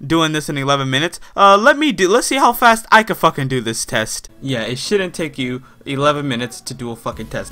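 A man's voice: a little high, sing-song, brisk, few pauses, sharp tone, faint music behind. A man delivering a profane comedic roast rant, swearing constantly with mock outrage. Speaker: YouTube roast host.

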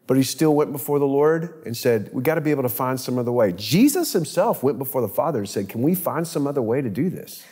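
Animated preaching man in reverberant room. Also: fast, hardly any pauses, husky. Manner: animated, acts out biblical voices with big pitch jumps. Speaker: pastor. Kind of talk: storytelling preaching in conversation.

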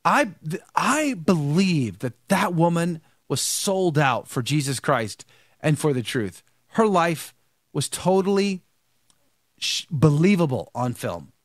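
A man's voice: fairly high pitch, big pitch swings, takes it slowly, no room sound, clean studio sound. A male show host giving casual, emphatic commentary, repeating himself with many restarts, and sounding tired.

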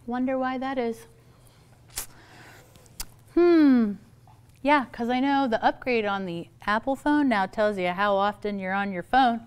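A woman's voice: on the high side, a little slow, pauses often, smooth. A middle-aged woman therapist giving a humorous, chatty talk to parents, acting out the people she quotes. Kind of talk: lively talk to an audience of parents.

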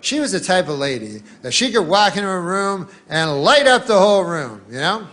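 A middle-aged man from Canada doing deadpan stand-up, rambling through a long story and putting on voices for newsmen. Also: sits high, moderate pace. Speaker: stand-up comedian.

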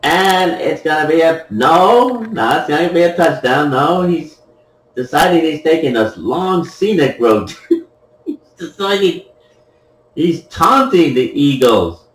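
Male gamer commentator, unhurried and playful, laughs a lot, echoey room, far from the mic. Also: on the high side, animated, a little hiss or hum. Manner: playful, laughs at his own jokes. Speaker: gameplay commentator. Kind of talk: casual joking commentary over a replay.

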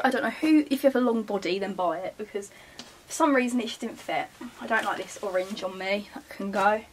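A woman's voice: medium pitch, brisk, distant mic, a little hiss or hum. A young woman, talking casually as a vlogger while sorting her wardrobe, chatting and muttering asides to herself. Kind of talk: casual chat. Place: bedroom beside her wardrobe.

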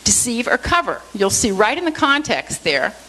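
A woman's voice: fairly high pitch, big pitch swings, normal speed, sharp tone, a little hiss or hum, rough recording. A woman giving a church Bible study lecture, explaining word meanings and checking in with her listeners with a frequent "okay?", with light self-deprecating humor.

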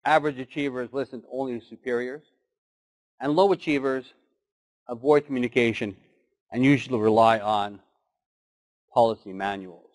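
Male keynote speaker, mid-pitched, storytelling delivery for a motivational talk. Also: steady tone, normal speed, long pauses, a little mellow, low-quality recording. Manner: storytelling with acted animal voices.

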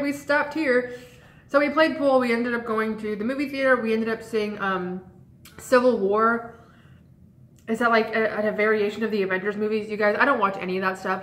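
A woman's voice: mid-range voice, fairly bright tone. A young woman chats straight to her camera, telling a long personal story. She rambles, with many "like"s and "um"s. The room around her is echoey. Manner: chatty, rambling, lots of "like" and "um". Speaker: vlogger. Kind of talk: casual storytime chat.

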